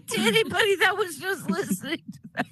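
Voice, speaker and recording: A woman's voice: very high voice, fairly bright tone, a little hiss or hum. A woman co-hosting a podcast, bantering in casual joking chat and giggling. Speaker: podcast co-host.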